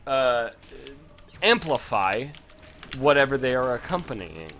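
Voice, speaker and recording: A man gives loose, self-deprecating gameplay commentary and swears freely as he goes. His voice has a bright, forward edge, and a little music plays faintly underneath. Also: mid-range voice, sing-song, slow, pauses often. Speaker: gaming video host.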